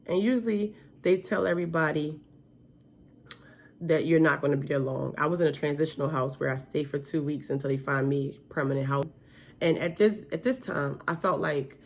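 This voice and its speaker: A woman's voice: low voice, gravelly. A woman telling her life story in a casual, candid way, chatty and full of fillers.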